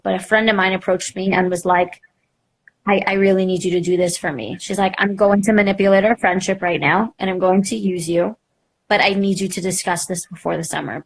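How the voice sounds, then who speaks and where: A young woman, a podcast host, candidly telling her story in a live interview, self-mocking and animated, full of "like" and acted quotes. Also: fairly low pitch, vocal fry, breathy edge.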